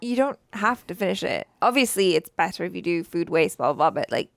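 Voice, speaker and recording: A woman's voice: on the low side, sing-song, a little fast, gravelly, dry recording, clean studio sound. A woman co-hosting a reaction show, chatting casually, teasing her co-host and laughing often. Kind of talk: casual chat.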